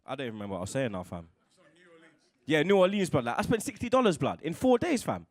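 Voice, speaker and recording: Male fan guest, slangy, animated, medium pitch. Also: fast. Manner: heavy street slang, animated, laughing asides. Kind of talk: casual chat.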